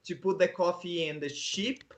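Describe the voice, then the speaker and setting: Brazilian man in halting English. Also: high-pitched. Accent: Brazilian Portuguese. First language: Portuguese. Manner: halting non-native English with frequent restarts and soft laughs. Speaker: guest, coffee agronomist. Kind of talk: casual interview talk.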